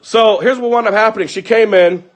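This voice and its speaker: A young man with a high voice talks heatedly and swears freely as he recounts a fight at home to his viewers. He acts out the lines of everyone involved, swinging between low muttering and raised shouts. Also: brisk. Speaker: vlogger. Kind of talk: angry personal account to viewers.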